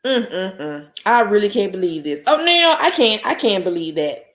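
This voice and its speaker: A woman's voice: mid-range voice, sing-song, normal speed, fairly bright tone. A woman hosting a live stream, ranting angrily and bluntly with profanity while greeting chat viewers. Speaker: podcast host. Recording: echoey room.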